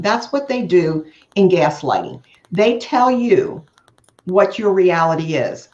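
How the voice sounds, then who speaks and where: An older woman guest speaking earnestly and in a measured way in an interview. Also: medium pitch, darkish tone. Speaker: guest, author. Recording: echoey, muffled remote audio.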